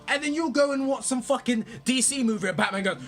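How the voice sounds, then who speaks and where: A young man ranting about movies in a profane, excitable, rambling way. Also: very high voice, fast talker, faint music behind. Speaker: movie vlogger. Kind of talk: casual ranting commentary.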